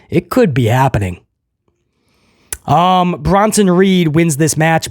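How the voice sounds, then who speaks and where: A man's voice: on the high side, a little mellow, dry recording, clean studio sound. A man giving a casual, opinionated wrestling show review, rambling with jokey asides.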